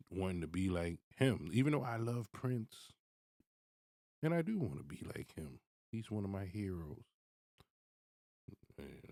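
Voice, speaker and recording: Animated, blunt man ranting. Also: no echo, studio quality. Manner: animated, swings from low mutter to loud high outbursts; blunt and profane. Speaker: commentator. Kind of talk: ranting commentary.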